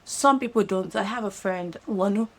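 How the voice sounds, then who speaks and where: A woman with a Nigerian accent giving earnest, fast-talking advice straight to camera, often checking in with "right?". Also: medium pitch, low-quality recording. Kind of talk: direct-to-camera monologue. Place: lives in London.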